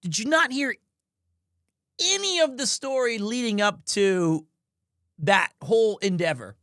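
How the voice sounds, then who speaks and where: A man's voice: sits high, animated, unhurried, fairly bright tone, dry recording, studio quality. A young man telling a rambling, self-deprecating story in a casual livestream chat. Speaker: streamer.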